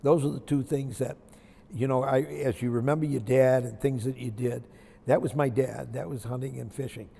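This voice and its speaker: A man's voice: mid-range voice, fairly even intonation, moderate pace, vocal fry, warm tone, slightly rough, in a large hall. An older man with a Maine accent, a retired basketball coach telling rambling stories in an interview and acting out the dialogue. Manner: rambling storyteller, acts out quoted dialogue. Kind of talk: storytelling interview.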